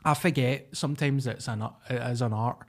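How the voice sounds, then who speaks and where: Scottish male co-host, blunt and sweary banter, mid pitch, casual podcast chat. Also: brisk.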